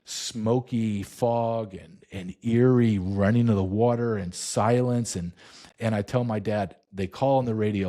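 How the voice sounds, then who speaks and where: A middle-aged man telling a story in an interview, emphatic and intense, slowing down for dramatic weight. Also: lowish voice, warm tone. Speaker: interview guest, former border agent.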